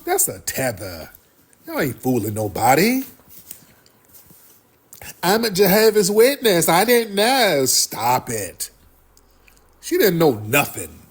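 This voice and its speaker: Male livestream host, husky, lively pitch swings, heated and profane. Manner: blunt, profane, animated ranting to viewers.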